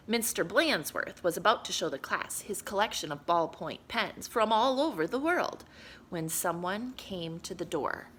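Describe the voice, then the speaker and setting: A woman reading a children's picture book aloud in an expressive, animated way. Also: lowish voice, measured pace, slight background noise. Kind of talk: storybook read-aloud.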